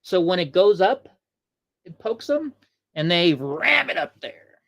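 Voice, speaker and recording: A man hosts a livestream show of heated, rambling political commentary, repeating himself and replying to viewers in the chat. His voice sits high and sing-song with vocal fry, a bit bright, and he speaks a little slowly.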